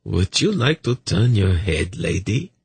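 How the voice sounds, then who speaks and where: A man voicing a soft-spoken male eunuch assassin in an audiobook, quiet and politely threatening. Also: on the low side, sing-song, measured pace, creaky, husky, dry recording, pitched above the performer's own voice, heavily acted. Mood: quiet menace.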